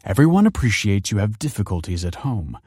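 A man's voice: fairly low pitch, big pitch swings, brisk, darkish tone, breathy edge, no echo, studio quality. A man reading a story aloud and voicing a stern woman school principal who speaks in a formal, officious way.

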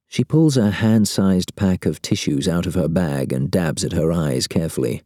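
A man reads a first-person novel with wry, sardonic timing. His voice sits very low and sounds mellow and dark. The recording is close and dry. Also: normal speed, dry recording. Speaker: audiobook narrator. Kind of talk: first-person audiobook narration.

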